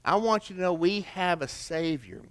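A man's voice: high voice, expressive, moderate pace, fairly bright tone, clear, resonant tone. An older man, preaching a sermon in a folksy storytelling way with rhetorical questions. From American South. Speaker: pastor.

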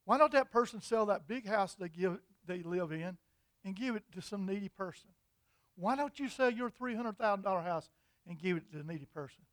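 A man preaching a sermon, telling an imagined story in an animated, repetitive way. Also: sits high, brisk, no echo.

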